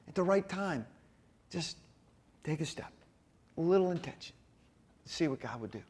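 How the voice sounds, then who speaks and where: A man leading a men's church group, telling a lively story and acting out scenes. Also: high-pitched, fairly quick, gravelly. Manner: storytelling, energetic, acts out scenes. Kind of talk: animated church talk.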